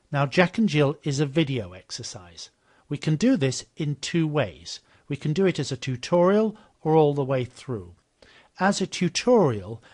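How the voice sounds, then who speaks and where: A man narrating a walkthrough of a teaching program in a steady, explanatory way, repeating the model phrases after the clips. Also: fairly high pitch. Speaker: software demonstrator.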